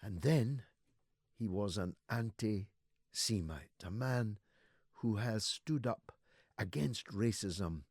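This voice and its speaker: Gravelly orator in his sixties. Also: expressive, no room sound, studio quality. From Scotland. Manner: oratorical, swings between low murmurs and loud rising declamations; rhetorical repetition, drawn-out emphatic words. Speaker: radio talk show host. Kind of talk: impassioned political monologue.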